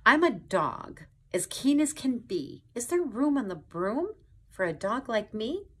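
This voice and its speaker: An eager, keen storybook dog, as a woman reading aloud puts him on. The voice lifts noticeably higher than her plain reading, with a slightly breathy, husky edge and an unhurried pace. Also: very animated, full character voice. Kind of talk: picture-book read-aloud.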